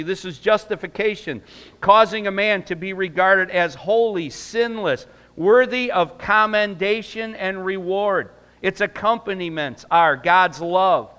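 Emphatic preacher with a bright voice. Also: male voice, high-pitched, clean tone. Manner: emphatic preaching that rises loud and falls to a hushed prayer. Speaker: pastor. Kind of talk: sermon and closing prayer. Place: church sanctuary.

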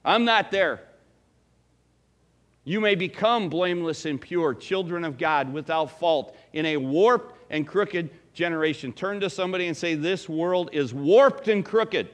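A middle-aged male pastor preaches with a high, light voice. He talks in a relaxed, folksy way and keeps asking his congregation questions. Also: normal speed. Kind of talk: sermon.

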